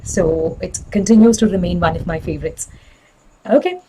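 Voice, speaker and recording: A woman in her thirties with an airy, breathy voice, chatting warmly with her students as an online teacher. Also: fairly low pitch, moderate pace, slight background noise, rough recording. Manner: friendly, addresses children, laughs often. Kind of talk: live class sign-off chat.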